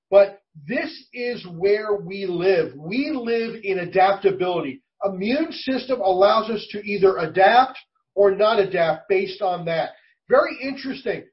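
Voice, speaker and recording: A man representing a college speaks enthusiastically and emphatically in an interview. His voice is high, but the recording is muffled because he's far from the microphone.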